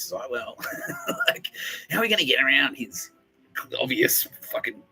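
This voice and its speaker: A man's voice: medium pitch, wildly swooping pitch, moderate pace, pauses often, bright, forceful tone, low-quality recording. Sweary sarcastic man ranting. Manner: sweary, sarcastic, mocking voices of others. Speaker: podcast host. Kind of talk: rambling comedic monologue.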